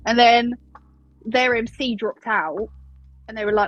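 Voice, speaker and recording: A woman's voice: fairly high pitch, steady tone, measured pace, lo-fi sound, faint music behind. A woman in her twenties with an Essex accent, answering interview questions in a chatty, candid way and laughing easily. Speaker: wrestling announcer and interviewer.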